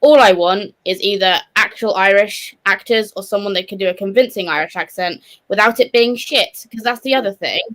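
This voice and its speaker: A woman's voice: medium pitch, brisk, few pauses, a bit bright. Young woman, casual chat, candid, playful, self-mocking. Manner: candid, playful, laughs at herself. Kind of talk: casual live-stream book chat.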